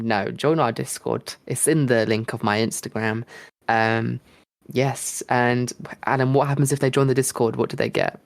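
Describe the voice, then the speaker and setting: A man's voice: medium pitch, moderate pace, vocal fry. A man co-hosting a podcast in a loose, joking way, full of ums and restarts. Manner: rambling, jokey, many ums and restarts. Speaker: podcast co-host. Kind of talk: casual podcast chat.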